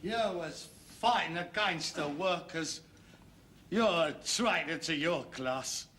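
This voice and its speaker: A sarcastic son. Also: male voice, on the high side, lively intonation, slow pace, bright, forceful tone, a little hiss or hum, exaggerated voice. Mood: mocking. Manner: sarcastic, mocking, bursts into silly put-on voices. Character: sarcastic middle-aged London son, scheming and mocking. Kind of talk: sitcom acting.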